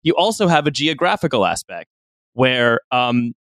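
A man talks through politics on a podcast, halting and restarting as he builds his point. His pitch is average, and the recording is dry and close-miked. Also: big pitch swings, a bit bright, dry recording. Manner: halting, many restarts while building an argument. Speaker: podcast co-host. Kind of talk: analytical political chat.

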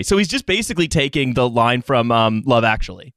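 A man's voice: medium pitch, fairly quick, fairly bright tone, no echo. A man on a casual comedy podcast, reading passages from a book aloud and mocking them with sarcastic asides.

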